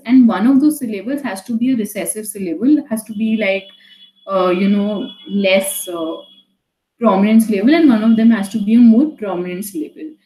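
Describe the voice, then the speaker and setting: A young woman gives an online class in a mellow, warm voice. She talks haltingly, full of fillers, and slips into Hindi phrases now and then. The sound carries an echo from the room. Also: medium pitch. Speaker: teacher.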